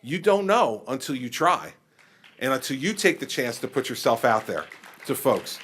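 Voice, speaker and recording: A middle-aged man who is a governor, answering a question at a public forum in an animated, conversational way. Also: mid-range voice, normal speed, slightly rough. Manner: animated, conversational, acts out exchanges with people.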